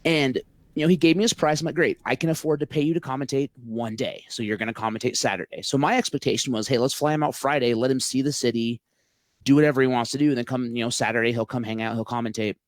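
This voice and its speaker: A man's voice: medium pitch, fast talker, no room sound, studio quality. A man telling a long story in a casual podcast chat, rambling with lots of filler words and swearing freely. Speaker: podcast guest, local event organizer.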